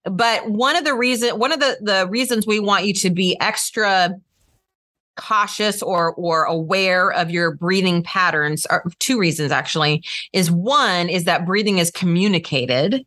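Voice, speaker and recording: A woman with a fairly low-pitched, pushed and bright voice speaks a little slowly, with no echo. She coaches trial lawyers in an instructional talk, full of energy and acting out different voice tones to illustrate her points.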